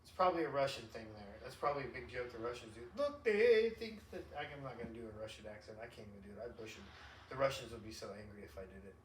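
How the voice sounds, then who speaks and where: A man's voice: medium pitch, fairly bright tone, slight background noise. A man hosting an unscripted podcast, talking in an emphatic, slangy, rambling way. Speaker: podcast host. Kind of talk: unscripted casual chat. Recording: echoey room, distant mic.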